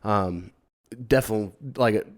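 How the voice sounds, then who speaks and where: A man's voice: fairly low pitch, normal speed. A young adult man co-hosting a podcast in casual chat, laughing often and acting out quoted voices. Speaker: podcast co-host.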